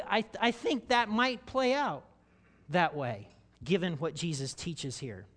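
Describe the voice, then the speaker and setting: A man with a high voice preaches a sermon to his congregation. He is expressive and drags out key words for emphasis. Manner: expressive, slows down for emphasis and acts out quoted voices. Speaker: pastor.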